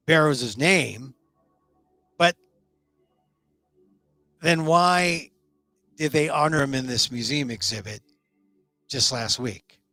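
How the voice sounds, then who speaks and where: A middle-aged man hosting his own talk show, delivering an emphatic solo commentary monologue that speeds up and slows down for stress. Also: medium pitch, bright, forceful tone, no room sound. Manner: emphatic, shifting pace for stress.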